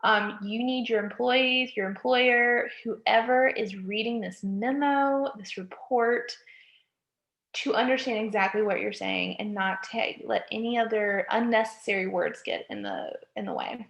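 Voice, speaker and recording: Slow, gravelly woman instructor lecturing. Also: on the high side, expressive, fairly bright tone. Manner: checks in with frequent "okay?", corrects herself mid-sentence. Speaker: college writing instructor. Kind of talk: recorded lecture. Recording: echoey room.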